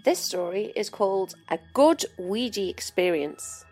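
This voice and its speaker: A woman's voice: medium pitch, lively intonation, a little slow, darkish tone, faint music behind. A woman co-hosting a podcast, chatting casually, teasing her co-host and laughing often. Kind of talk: casual chat.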